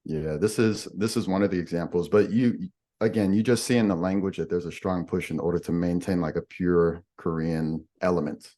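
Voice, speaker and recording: A man with a very deep, low voice talks through a topic on a podcast. He is patient and methodical and builds his explanation with example after example. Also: fairly even intonation, normal speed, mellow.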